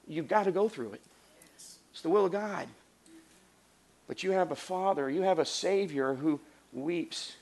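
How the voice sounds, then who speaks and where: A man preaching a sermon as pastor, earnest, rising to emphatic lines and dropping to soft hushed passages. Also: fairly high pitch.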